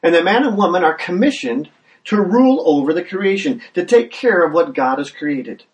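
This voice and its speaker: Pastor guy preaching, kinda high voice, repeats his words a lot, sounds a bit far from the mic. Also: lively intonation, normal speed. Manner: earnest, repeats words when starting, builds with rising questions. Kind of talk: sermon.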